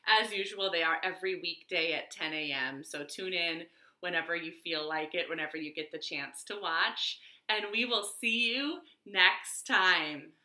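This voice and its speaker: A woman librarian reading a children's picture book aloud at home, very expressive and animated. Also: lowish voice, measured pace. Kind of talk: storytime read-aloud. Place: living room at home. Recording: echoey living room.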